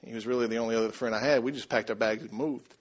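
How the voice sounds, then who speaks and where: A man preaching a sermon, telling a story and asking the congregation questions in a lively, conversational way. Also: medium pitch, rapid-fire. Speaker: pastor.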